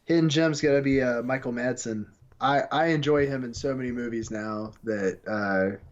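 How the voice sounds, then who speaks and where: A man's voice: mid-range voice, moderate pace. A man co-hosting a casual movie podcast, enthusiastic and throwing in wisecracks. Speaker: podcast co-host. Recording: dull lo-fi mic.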